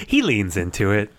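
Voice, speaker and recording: A man co-hosting a podcast in casual chat, opinionated and critical. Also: fairly low pitch. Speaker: podcast co-host.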